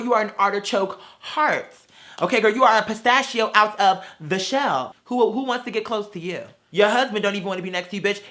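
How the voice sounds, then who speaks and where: Sassy, foul-mouthed man with a bright voice. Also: high-pitched. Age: adult with children. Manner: sassy, brash, swears constantly, calls people girl and bitch; theatrical, mocks people in put-on voices. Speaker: vlogger. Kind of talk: profane ranting storytime.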